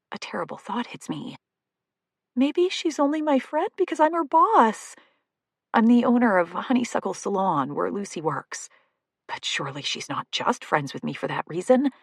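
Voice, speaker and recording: A woman narrating a romantic comedy audiobook in first person, expressive and comic. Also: mid-range voice, vocal fry, husky, no room sound, studio quality.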